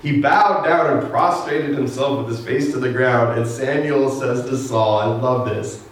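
A man's voice: medium pitch, measured pace, slight background noise. A man preaching a casual sermon, retelling scripture with humorous asides. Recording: echoey room, distant mic.

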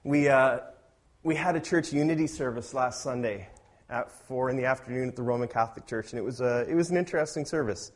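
A man preaching a sermon as a pastor, talking in a conversational way and growing loud and emphatic when he reads scripture aloud. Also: mid-range voice, a little fast.

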